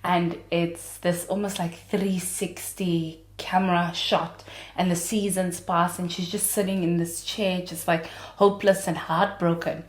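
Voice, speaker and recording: A woman's voice: lowish voice, level tone, a little slow, roomy sound. A woman in her late twenties hosting a podcast, telling stories in a chatty, dramatic way and laughing often. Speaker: podcast host. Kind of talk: casual podcast monologue.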